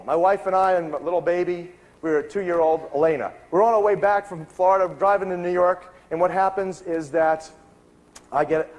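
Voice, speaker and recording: A man giving an earnest lecture, telling a story with lively acted-out dialogue and swings in pitch. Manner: animated, acts out dialogue with big pitch swings; earnest, spiritual framing.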